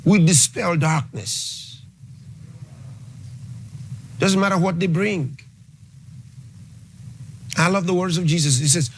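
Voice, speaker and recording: A man's voice: high-pitched, slow pace, pauses often, slight background noise. A male pastor preaching a sermon, emphatic, repeating key phrases and dwelling on exclamations.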